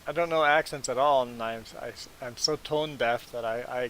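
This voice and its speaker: A man's voice: mid-range voice, moderate pace, a bit bright, rough recording. A man hosting a casual gaming livestream, chatting with viewers, laughing often and stumbling through restarts as he explains things. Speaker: livestream host.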